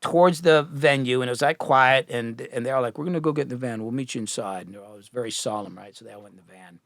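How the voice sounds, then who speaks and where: A middle-aged man, a music producer, telling stories as a podcast guest, animated and profane, acting out the people he quotes. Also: mid-range voice, fast, creaky, no echo, studio quality. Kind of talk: casual storytelling.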